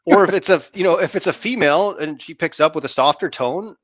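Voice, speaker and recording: A man in sales co-hosting a podcast, talking in an animated, rambling way and acting out his phone calls. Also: fairly high pitch, brisk, few pauses, no room sound. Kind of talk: casual chat.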